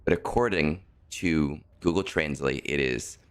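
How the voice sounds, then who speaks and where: A man with a deep, low voice talks casually through a game stream, muttering and second-guessing himself as he plays. His tone is relaxed and conversational, like he is chatting with regulars. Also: normal speed. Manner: muttering to himself, self-correcting. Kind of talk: casual livestream chat while playing.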